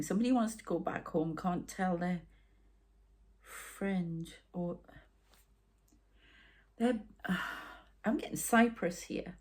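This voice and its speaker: Geordie woman, tarot reader, rambling chatty delivery, slightly low voice. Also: slow pace, pauses often, darkish tone. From North East England. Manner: rambling, chatty, with asides and sighs. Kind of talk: casual psychic reading monologue.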